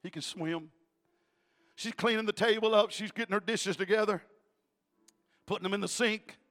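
Emphatic high-voiced male preacher. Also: normal speed. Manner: emphatic, rising to shouts. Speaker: missionary evangelist preacher. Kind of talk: storytelling sermon. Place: church.

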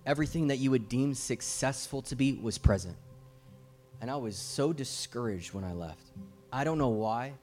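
A man's voice: mid-range voice, animated, moderate pace, darkish tone, soft background music. A middle-aged man preaching a fervent, urgent sermon as a guest preacher, his volume swelling and dropping as he presses his points.

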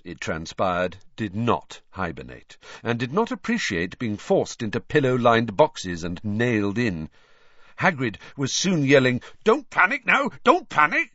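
A man narrating an audiobook in a measured storytelling manner, in a dry, slightly dull studio recording. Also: medium pitch, fairly bright tone, no room sound. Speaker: audiobook reader. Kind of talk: scripted narration.

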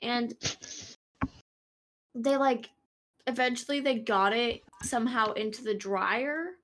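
Slightly high-voiced young woman, rambling casual storyteller, loose and profane. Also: slow, fairly bright tone, rough recording. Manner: rambling, repeats and restarts, swears casually. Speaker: podcast co-host. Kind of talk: casual chat.

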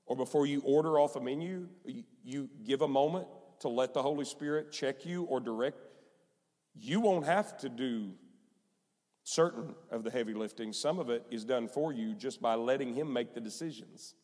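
A man's voice: medium pitch, moderate pace, darkish tone. A male pastor preaching a sermon, emphatic and repetitive, in a church sanctuary. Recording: long hall reverb.

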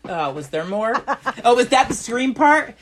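A woman's voice: fairly high pitch, sing-song. A woman co-hosting a casual podcast, talking bluntly and with plenty of swearing. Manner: blunt and profane, quick laughter. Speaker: podcast co-host. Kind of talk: casual chat.

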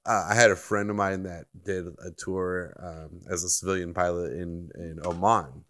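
A man's voice: low voice, steady tone, moderate pace, crowd noise. An American man co-hosting a podcast in casual chat, easygoing and rambling, with plenty of fillers and restarts. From United States. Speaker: podcast co-host.

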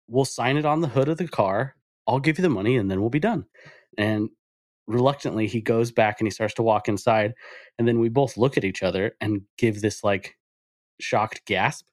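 A man co-hosting a casual podcast, telling a story with animated quoted voices. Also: fairly low pitch, no room sound, studio quality. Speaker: podcast co-host.

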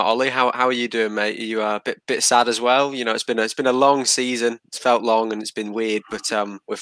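A man's voice: fairly low pitch, bright, forceful tone, no room sound. A man hosting a fantasy football podcast, chatting casually and teasing his co-hosts with plenty of fillers. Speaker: podcast host. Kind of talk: casual chat.

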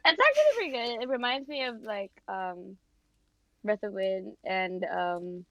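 A woman's voice: medium pitch, a little slow, no room sound. A young woman co-hosting a casual podcast, gushing and joking about herself. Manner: animated, gushing, self-deprecating jokes. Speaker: podcast co-host. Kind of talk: casual chat. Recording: dull lo-fi recording.

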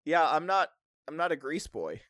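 A man's voice: a little high, very animated, normal speed, a bit bright. A young man co-hosting a podcast, joking and teasing his friend in casual banter. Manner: teasing, giggly, goofy. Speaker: podcast co-host.

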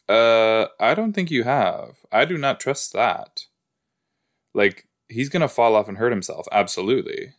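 A man's voice: medium pitch, animated, measured pace. A man hosting a podcast, chatting casually and reacting aloud to a show as he watches it, with rambling asides. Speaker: podcast host.

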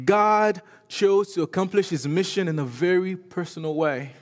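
Haitian-born preacher with a French accent. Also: male voice, a little high, in a large hall. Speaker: guest preacher. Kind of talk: sermon. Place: church sanctuary.

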